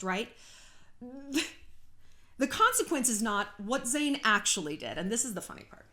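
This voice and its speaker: Lively, chatty woman dishing gossip. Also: a little high, measured pace, pauses often. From California. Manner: chatty, sarcastic, often laughing; frequent swearing. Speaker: YouTube host. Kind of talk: casual gossip commentary.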